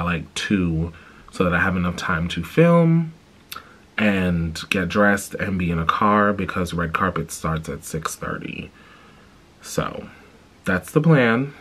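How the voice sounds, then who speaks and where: A man's voice: deep voice, husky. A tired man with allergies, chatting casually to camera in a vlog. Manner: chatty, animated, expressive. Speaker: vlogger. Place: home, then out and about.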